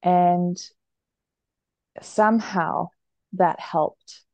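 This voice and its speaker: A woman with a lowish, gravelly voice talks openly as a guest on a podcast interview, calm and reflective. Her tone is dark and mellow, and she breaks into easy laughs. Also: very slow, no echo, dull audio. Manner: reflective, open, laughs while telling her story. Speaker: podcast guest, mother and therapist. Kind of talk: candid interview conversation.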